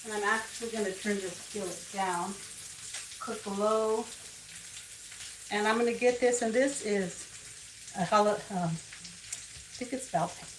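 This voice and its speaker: A woman's voice: medium pitch, unhurried, pauses often. An older woman hosting a casual home cooking demonstration, chatting and wandering into family stories as she works. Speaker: cooking show host. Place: home kitchen. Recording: echoey kitchen, distant mic, frying noise. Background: sizzling and frying food.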